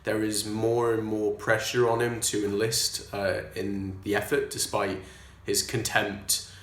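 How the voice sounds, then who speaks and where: A man's voice: on the low side, little pitch movement, measured pace. A man reviewing a film in a put-on Welsh accent, speaking in a jokey, conversational way. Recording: echoey room with loud music.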